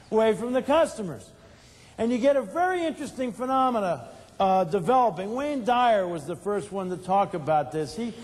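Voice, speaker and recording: Older keynote speaker, quite high voice, lively Q-and-A delivery, reverberant hall. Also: male voice. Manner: asks the audience questions and answers them, playful storyteller. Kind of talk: motivational keynote talk.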